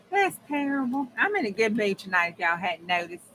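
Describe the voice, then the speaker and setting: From a home craft room with the air conditioner on, a woman livestreams while crafting, chatting casually with viewers and often laughing. Her mid-range voice is a bit bright, and the desk-mic recording is low quality, with a faint fan hum.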